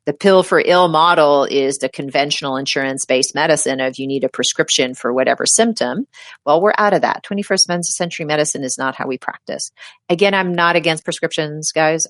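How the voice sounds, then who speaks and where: Low-sitting and heard in studio quality with no room sound, this woman's voice belongs to a middle-aged healthcare provider. She's a guest in a casual interview, giving advice animatedly and emphatically while acting out her patients' quoted words.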